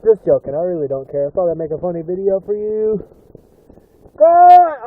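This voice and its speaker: A man's voice: high voice, lively intonation, moderate pace, phone-quality sound. A man talking casually and profanely to a phone camera, complaining with mock melodrama while out in the rain and in his car. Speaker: vlogger. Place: outdoors and in a car during heavy rain. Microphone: phone camera held at arm's length. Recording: loud rain noise over phone audio. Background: pouring rain.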